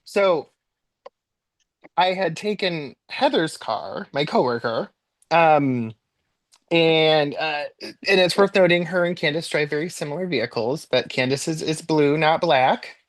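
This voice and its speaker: A man's voice: measured pace, no echo. Chatty man telling a funny story. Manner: animated, jumps high in pitch when replaying his own panic; chatty with frequent likes and ums. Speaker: podcast guest. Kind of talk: casual storytelling.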